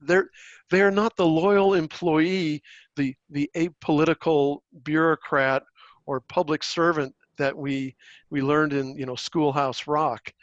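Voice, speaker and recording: A man's voice: a little high, steady tone, unhurried, dry recording. Blunt man on a dull, dry line. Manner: blunt, swears casually, restarts often. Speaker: podcast co-host. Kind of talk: casual political chat.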